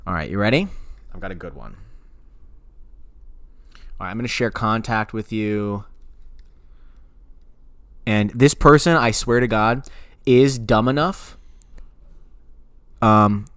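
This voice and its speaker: A man co-hosting a podcast in casual chat, excitable, swearing and laughing often. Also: on the low side, takes it slowly, long pauses, no room sound, studio quality. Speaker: podcast co-host.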